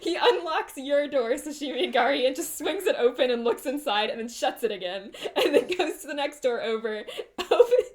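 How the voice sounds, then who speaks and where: A woman's voice: sits high, expressive, normal speed. A woman narrating as game master of a tabletop game, giggly and loose. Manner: giggly, loose, with many fillers.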